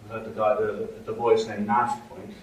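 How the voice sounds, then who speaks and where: This lecturer's voice is low and monotone, a touch fast, and sounds lo-fi. He explains material to a university class with frequent "okay?" and "right?" checks, recorded distantly in an echoey lecture hall with faint noise.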